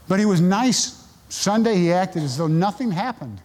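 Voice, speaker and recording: A man's voice: high-pitched, lively intonation, moderate pace, darkish tone, long reverb tail. A male pastor preaching a sermon, telling stories and acting out the voices of people he quotes. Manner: storytelling, acts out quoted voices.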